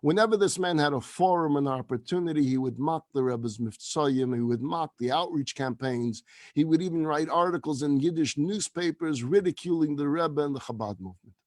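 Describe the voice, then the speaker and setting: Animated rabbi telling a story. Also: male voice, a little high, no room sound, studio quality. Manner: animated storyteller acting out dialogue; drops to a hushed, slow delivery at emotional peaks. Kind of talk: sermon storytelling.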